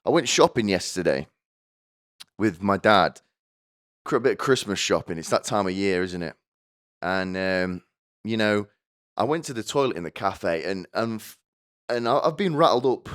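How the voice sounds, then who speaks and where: A man's voice: sits low, no echo, clean studio sound. A young man hosting a podcast, telling rambling comic stories with stammering restarts and crude offhand jokes. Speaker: podcast host.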